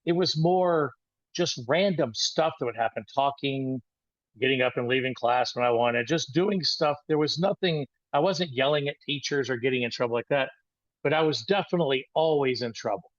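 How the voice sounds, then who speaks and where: An older man in his sixties tells a story from his own childhood, wandering and halting as he goes, with plenty of restarts. The sound is dry and a little dull, with no room around his voice. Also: mid-range voice, dry recording. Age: 60s. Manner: rambling, halting with frequent restarts. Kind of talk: personal storytelling talk.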